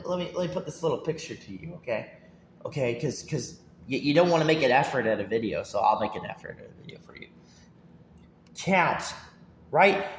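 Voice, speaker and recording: A man's voice: a little high, echoey room, slight background noise. A man ranting to his viewers about video games. He rambles, repeats his words, laughs often and keeps asking if they follow. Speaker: gaming YouTuber.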